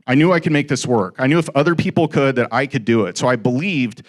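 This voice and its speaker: Speaking fast in a mid-range voice, a middle-aged man recounts his first real estate deal for a live crowd. He stays animated throughout, performing each quoted line of dialogue.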